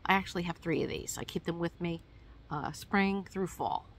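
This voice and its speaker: A woman's voice: lowish voice, normal speed, a little hiss or hum. A woman with a New York accent chatting casually through her hiking gear, rambling with plenty of ums and uhs. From New York, USA. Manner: chatty, rambling with many fillers. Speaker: hiking vlogger. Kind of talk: casual show-and-tell.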